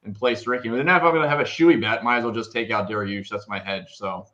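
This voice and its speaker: A man giving casual betting analysis, talking haltingly with hesitations. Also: on the low side, sharp tone, dull audio.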